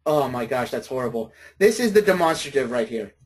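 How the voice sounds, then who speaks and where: A man's voice: mid-range voice, expressive, brisk, darkish tone. A man lecturing a college class, patient and friendly, often checking in with his students.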